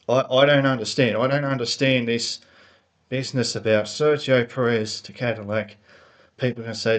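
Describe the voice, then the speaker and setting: A man delivers a heated, unscripted fan rant straight into a laptop's built-in mic. He talks in a mid-range voice, rambles, stumbles over restarts and keeps repeating himself as he works himself up. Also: medium pitch. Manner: heated, rambling, repeats words and restarts, grows more worked up. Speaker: motorsport fan vlogger.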